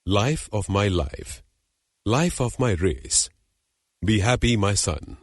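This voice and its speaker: A man's voice: on the low side, animated, breathy edge, no room sound, studio quality, exaggerated voice. A man reading a proud wronged hermit's daughter. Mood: pleading. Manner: measured, formal, dignified recitation. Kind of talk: audiobook reading of a legend.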